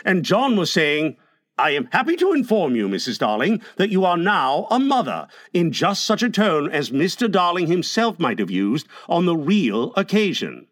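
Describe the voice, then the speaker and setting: Expressive male audiobook narrator. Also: on the high side, dry recording, clean studio sound. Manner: expressive, storytelling with lively emphasis. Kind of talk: audiobook narration of a classic novel.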